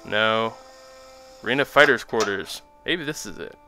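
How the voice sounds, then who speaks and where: Playing a video game, a young let's play host keeps up casual, joking commentary that's animated and self-deprecating. He talks a little slowly in a lowish voice while faint music plays behind him.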